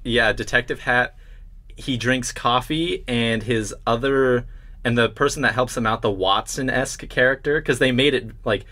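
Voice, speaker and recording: A man's voice: mid-range voice, moderate pace, bright, forceful tone. A young man co-hosting a podcast, chatting with enthusiasm about video games and filling his talk with "like". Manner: enthusiastic, chatty, many "like" fillers. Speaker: podcast co-host.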